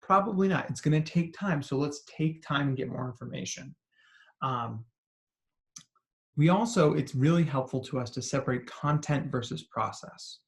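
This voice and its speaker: A man, a psychologist, giving an animated talk to parents and educators, telling stories and asking questions. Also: on the high side, moderate pace, vocal fry. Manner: animated storytelling with acted quotes and asides. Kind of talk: expressive talk to an audience.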